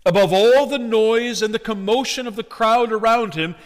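A man preaching a sermon with earnest emphasis, swinging between loud and hushed. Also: high-pitched, moderate pace, long reverb tail.

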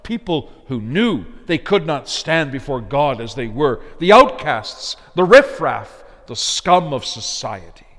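A man preaching an expository sermon, pressing hard on key words, then dropping to quiet, low phrases. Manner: emphatic, swinging between loud stresses and quiet low phrases. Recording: long hall reverb.

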